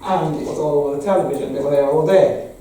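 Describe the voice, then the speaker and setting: A woman's voice: sits low, fast talker, mellow, slight background noise. A woman in her sixties with an English accent, a parish priest giving a candid, wry talk with frequent laughter. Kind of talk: speech to a meeting. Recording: echoey hall from far off.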